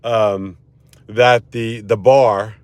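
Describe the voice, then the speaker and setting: Chuckling lawyer telling a walking story. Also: male voice, fairly low pitch, steady tone, extremely slow, no room sound. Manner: rambling, chuckles often, storytelling. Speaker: attorney. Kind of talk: casual vlog monologue. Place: outdoors outside a courthouse.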